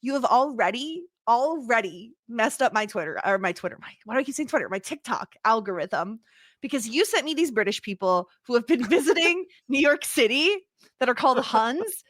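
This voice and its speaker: A woman co-hosting a podcast in lively, casual chat, often laughing and mimicking people. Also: a little high, a little fast, dry recording, clean studio sound. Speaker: podcast co-host.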